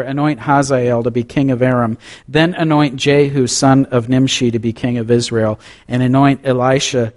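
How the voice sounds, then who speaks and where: A man preaching a sermon, reading scripture aloud with dramatic rises and drops and adding conversational asides. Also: medium pitch. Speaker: pastor.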